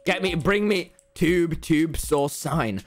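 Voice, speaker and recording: An excitable young man talking over his live game stream, his voice fairly high and leaping all over the place. He laughs and yells a lot and stacks up repeated words, with faint music playing behind him. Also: slow. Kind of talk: live gameplay stream commentary.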